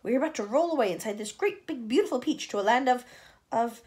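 A woman voicing a kind, gentle female ladybird in a storybook reading, talking in a chatty, reassuring way. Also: fairly high pitch, animated, fast, voice pushed up, close to an everyday voice.

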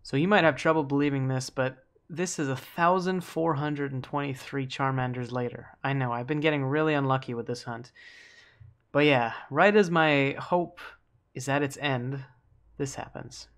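A man's voice: mid-range voice, moderate pace, clean tone. Young man swearing over a shiny hunt. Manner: animated, swears freely, talks to the game. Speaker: gaming YouTuber. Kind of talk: casual gameplay commentary.

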